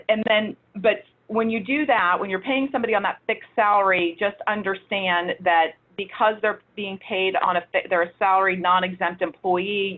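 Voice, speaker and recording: A woman with a fairly low voice walks listeners through a webinar lesson in a practical, conversational manner, pausing on fillers and restarting phrases. Her audio comes through a thin, phone-like line. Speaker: webinar presenter. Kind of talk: webinar explanation.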